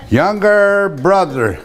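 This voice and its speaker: An older man teaching words of his language in a casual, hesitant way, repeating terms slowly with many pauses. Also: high-pitched, a little hiss or hum. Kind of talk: teaching vocabulary, casual and halting.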